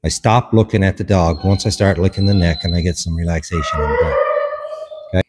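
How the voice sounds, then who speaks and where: A man's voice: low-pitched, a little fast, darkish tone, long reverb tail, slight background noise. A man, a dog behaviourist, explains a hands-on dog training demonstration in short instructive steps and commands.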